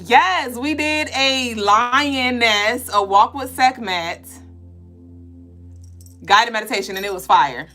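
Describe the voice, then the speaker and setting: A woman hosts a casual spiritual live stream, telling stories full of swearing and jokes. Her voice sits a little high and comes across bright and forceful. Faint music plays underneath. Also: slow. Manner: profane, joking, animated storytelling. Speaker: podcast co-host.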